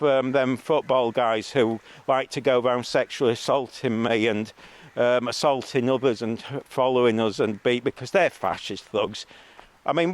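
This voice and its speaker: A man scornful vlogger ranting. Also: mid-range voice. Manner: scornful, mocking, rambling with frequent ums. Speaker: street video blogger. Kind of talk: ranting monologue.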